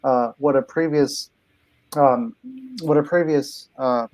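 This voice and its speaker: A young man in his twenties introducing himself on an online panel, modest and a little hesitant, with lots of ums. His voice is mid-pitched and unremarkable in tone. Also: fairly even intonation, slow pace, a little mellow, poor audio. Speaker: guest engineer. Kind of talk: casual online panel chat.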